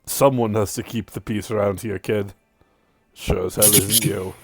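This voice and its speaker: A man's voice: on the low side, steady tone, measured pace, darkish tone, husky, soft background music. A man voicing a brash, cruel male cowboy vampire hunter who boasts and threatens. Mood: menacing. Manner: boastful, menacing, leering.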